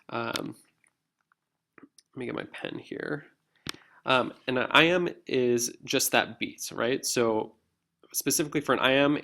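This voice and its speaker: Casting: male lecturer, mid-range voice, relaxed and explanatory, peppered with ums. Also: medium pitch. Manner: casual and explanatory, many filler ums. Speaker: literature instructor. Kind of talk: recorded lecture.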